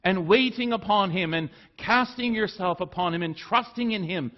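A man preaching a sermon in an earnest way, rising for emphasis and then dropping low and soft. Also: moderate pace, dull audio.

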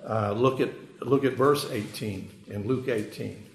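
A man teaching a verse-by-verse Bible lecture, halting, with frequent "uh" and repeated words. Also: lowish voice, gravelly, reverberant, poor audio.

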